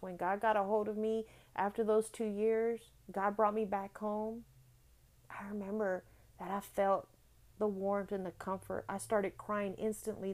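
A woman hosting a devotional podcast, speaking earnestly and from the heart, repeating phrases for emphasis and growing louder when she reads scripture. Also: mid-range voice. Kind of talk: devotional encouragement talk.

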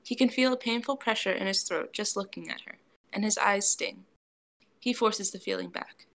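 A woman reads a fan fiction story aloud in a gentle, even manner, with a gravelly, creaky edge to her voice at a middle pitch. Her delivery is steady, suited to a long audiobook. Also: normal speed. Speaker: narrator.

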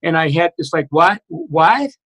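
High-voiced man telling his story haltingly. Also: animated, a bit bright, poor audio. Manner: halting, many restarts and fillers, reflective. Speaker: guest. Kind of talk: personal recovery story in conversation.

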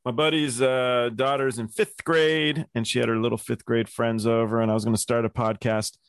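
A man's voice: medium pitch, flat delivery, moderate pace, smooth, no room sound, clean studio sound. A man hosting a podcast, reacting to a guest's story and asking friendly follow-up questions on a video call. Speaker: podcast host. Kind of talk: casual interview chat.

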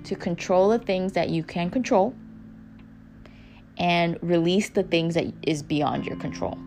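A woman's voice: fairly low pitch, measured pace, darkish tone. A young woman hosting a podcast, giving a candid, casual motivational talk that swears freely and repeats phrases for emphasis. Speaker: podcast host. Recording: music playing underneath.

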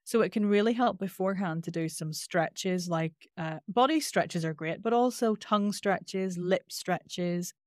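A woman with a Northern Irish accent and a nasal twang, a voice coach explaining things in an interview with lively demonstrations. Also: on the low side, a little slow, hardly any pauses, dry recording, clean studio sound. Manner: animated, demonstrates with sung-out sounds.

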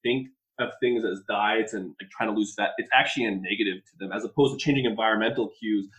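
A man's voice: on the low side, quick pace, a bit bright, rough recording. A man co-hosting a podcast, talking loosely with "like" fillers and swearing. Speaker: podcast co-host. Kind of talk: casual podcast conversation.

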